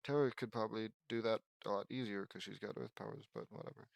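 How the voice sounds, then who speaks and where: A man's voice: on the low side, sing-song, fast, creaky, hardly any pauses, dry recording. A man reading fan fiction aloud as an audiobook, breaking off for sarcastic, mocking asides with swearing. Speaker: audiobook reader.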